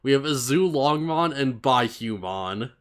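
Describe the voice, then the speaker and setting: A man's voice: medium pitch, lively intonation, unhurried. A man co-hosting an anime podcast, chatting casually in a laid-back way, often chuckling and stumbling over names. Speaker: podcast co-host. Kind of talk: casual anime recap chat.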